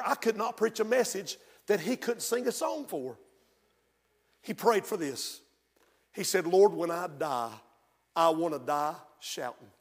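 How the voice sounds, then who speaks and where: Pastor, high ringing voice, hushed stories building to shouts, church reverb. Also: male voice. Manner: swings from hushed storytelling to shouted fervent preaching. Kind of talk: sermon. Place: church sanctuary. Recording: long hall reverb of a church.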